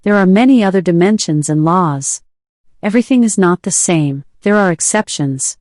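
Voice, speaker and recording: A woman's voice: on the low side, lively intonation, moderate pace, darkish tone, no echo, studio quality, close to an everyday voice. A woman voicing an irritated eighteen-year-old brother who answers curtly, in her own voice. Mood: annoyed. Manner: curt, annoyed.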